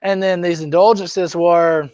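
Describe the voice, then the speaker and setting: Male teacher, high-pitched, chatty lecture style, close dry sound. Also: steady tone, measured pace, a little mellow, dry recording. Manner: conversational, checks on students often. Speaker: history teacher. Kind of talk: classroom lecture. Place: classroom.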